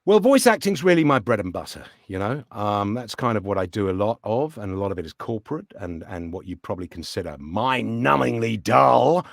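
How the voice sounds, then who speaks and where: Animated man telling stories. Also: fairly low pitch, fairly quick, creaky, hardly any pauses, no room sound, studio quality. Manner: animated storyteller, acts out voices in anecdotes. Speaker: actor and voice actor, guest. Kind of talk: casual interview chat.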